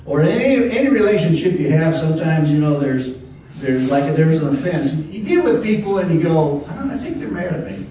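A man preaching a folksy, rambling sermon, his slightly high voice carrying from a distance. The sound is very echoey, with faint noise behind. He restarts often and talks like he's chatting with the congregation. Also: sing-song, fairly quick, dark tone. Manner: conversational, repeats and restarts, folksy exclamations. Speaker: pastor.

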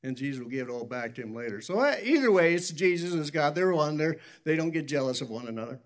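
A man's voice: fairly high pitch, very animated, quick pace. A man preaching a sermon in a folksy, rambling storytelling way, often correcting himself and chuckling. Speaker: pastor.

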